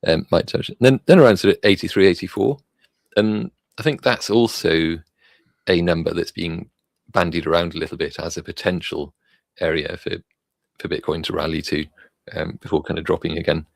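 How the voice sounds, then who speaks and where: A man giving casual, rambling commentary on crypto charts, halting with many fillers as he thinks aloud while clicking around. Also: low-pitched, steady tone, creaky, no room sound.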